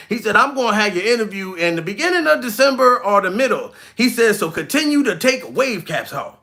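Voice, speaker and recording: A man, a comedian, telling a profane, animated story in a vlog, laughing often. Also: sits high, a little fast. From New York.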